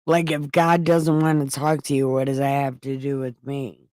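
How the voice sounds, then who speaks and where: A woman's voice: rumbling low, level tone, normal speed, darkish tone, no room sound. A woman doing a grumpy old prophet's ghost. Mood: annoyed. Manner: irritated, dismissive.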